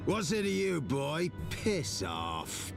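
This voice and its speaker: An actor playing a gruff, menacing male street thug who taunts and bullies. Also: on the high side, wildly swooping pitch, takes it slowly, full character voice. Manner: sneering, taunting. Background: game music.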